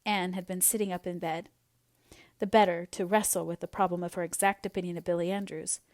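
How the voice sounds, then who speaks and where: A woman narrating an audiobook in a measured, expressive reading voice. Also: fairly low pitch, no room sound.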